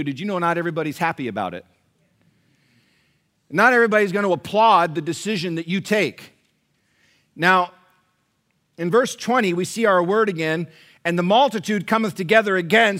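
A male pastor preaching a sermon, animated and questioning the congregation directly. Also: high voice.

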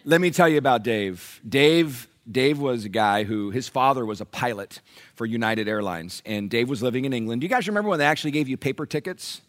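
A pastor preaching a sermon in church, animated, asking the congregation questions. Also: male voice, mid-range voice, fairly quick.

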